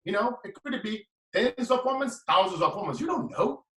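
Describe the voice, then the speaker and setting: A man's voice: high-pitched, animated, a little fast, a bit bright. A man, giving a preaching, emphatic motivational talk as a guest speaker. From Brazil. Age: late 30s. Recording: echoey room, mic at a distance.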